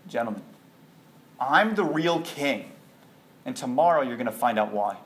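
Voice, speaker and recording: A man voicing a boastful talking mouth in a parable, slow, low and self-assured. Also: lively intonation, lightly acted. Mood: smug. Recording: echoey room.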